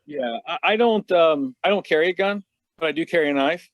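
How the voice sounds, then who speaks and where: A middle-aged man with a slightly high voice, talking in a laid-back, frank way and laughing at himself. The sound is close and dry, with little room in it. He swears easily in casual podcast chat. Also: brisk, no room sound. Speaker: podcast guest, martial artist.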